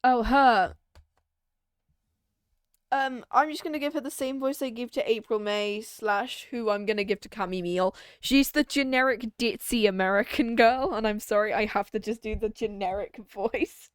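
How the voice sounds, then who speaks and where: Young woman streamer, kinda high voice, reads the game text out and reacts as she goes, chatty. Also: normal speed, smooth, dry recording, studio quality. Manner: chatty, reacts aloud while reading. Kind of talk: let's play, reading dialogue aloud.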